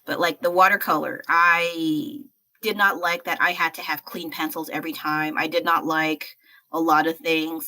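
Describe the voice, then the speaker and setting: A woman's voice: low-pitched, sharp tone. A young American woman livestreaming while she paints, chatting in a rambling, self-deprecating way with fillers and laughs. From United States. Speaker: livestreaming artist.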